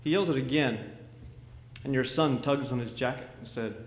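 A man preaching a sermon, telling a vivid story with dramatic swings from loud to hushed. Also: medium pitch, moderate pace. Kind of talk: sermon illustration. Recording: echoey hall with faint noise.

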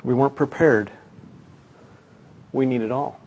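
Male preacher playing a grave old doctor, hushed and apologetic, inside a sermon illustration. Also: medium pitch, steady tone, measured pace, breathy edge, highs cut off. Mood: solemn.

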